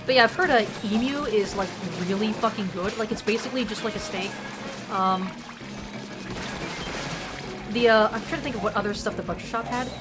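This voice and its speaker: A woman's voice: mid-range voice, brisk, pauses often. Young woman streamer, loose rambling delivery with casual swearing, music bed behind. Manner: rambling and profane, heavy use of "like". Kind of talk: casual chat while gaming. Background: game music.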